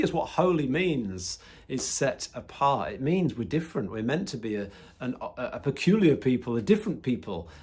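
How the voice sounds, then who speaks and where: A man's voice: a little high, darkish tone, husky. Candid man giving a devotional talk. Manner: candid, reflective storytelling with sudden emphatic rises. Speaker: Christian teacher.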